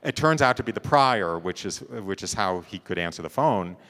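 A man's voice: fairly low pitch, expressive, moderate pace, a bit bright, in a large hall. A man giving a talk, telling a personal story in a conversational way and often checking in with his listeners. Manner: conversational, checks in with "right?" and "you know".

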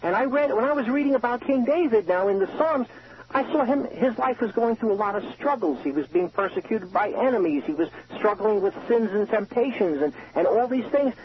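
A man with a high voice gives an earnest, emotional testimony over a prison payphone. He restarts his sentences often. The line is muffled, with a faint hiss behind him. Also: expressive, a little fast. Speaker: caller, prison inmate. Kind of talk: personal testimony by phone.

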